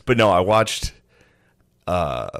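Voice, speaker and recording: Dude chatting and cracking himself up, lively voice. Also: male voice, low-pitched, takes it slowly. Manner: laughing, slips into silly put-on voices. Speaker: podcast co-host. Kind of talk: casual comedic chat.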